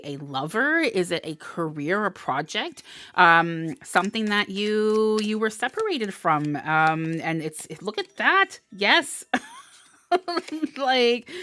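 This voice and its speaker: A woman's voice: mid-range voice, pushed and bright, no echo. Upbeat chatty woman reading tarot. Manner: chatty and upbeat, laughing often, with many fillers. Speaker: tarot reader. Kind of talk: live collective tarot reading.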